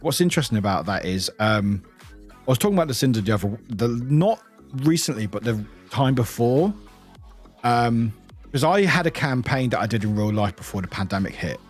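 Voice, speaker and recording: A man's voice: mid-range voice, lively intonation, a little fast, soft background music. A young British man casually chatting on his live stream, swearing freely, laughing often and calling out viewers by name. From United Kingdom.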